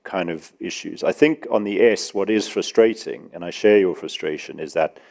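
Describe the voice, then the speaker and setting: A man answering audience questions at a conference panel in a measured, explanatory way. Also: sits low, vocal fry, a little mellow. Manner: measured, explanatory, with some restarts.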